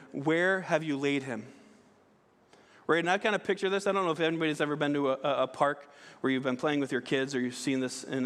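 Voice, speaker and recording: A man with a fairly high voice preaches in a church sanctuary. He talks conversationally, with frequent restarts and a checking "right?". Long reverb from the hall trails behind him. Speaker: pastor. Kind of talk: sermon.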